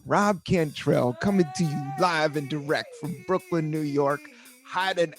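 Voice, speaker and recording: This podcast host and comedian talks a little slowly in a fairly high voice, faint music playing behind him. In a relaxed solo monologue he wanders from topic to topic, occasionally slipping into a playful sing-song.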